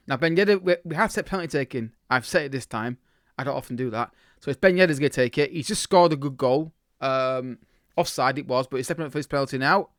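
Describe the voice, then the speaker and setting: A man's voice: a little high, no room sound, clean studio sound. A man casually commentating his own football management game, reacting live and often restarting his sentences. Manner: chatty, reacts live to the match, many restarts. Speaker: gaming YouTuber.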